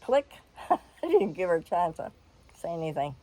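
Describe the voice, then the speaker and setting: An older woman telling a personal story in a frank, animated way, laughing and swearing freely. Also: fairly low pitch, moderate pace, no echo, low-quality recording.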